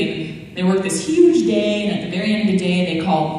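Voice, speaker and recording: A woman at a convention panel, telling lively anecdotes and acting out the voices of the people in them. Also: mid-range voice, quick pace, hardly any pauses, slight background noise. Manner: animated storyteller, acting out quoted voices. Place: large convention hall. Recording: echoey hall recorded from far off.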